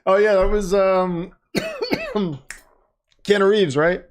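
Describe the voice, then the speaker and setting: Guy hosting a live watch stream, slightly high voice, rambling casual chat, reads the chat out loud. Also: fairly even intonation, slow. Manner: chatty, reads viewer comments aloud, muses off-topic. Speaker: livestream host reacting to a football game.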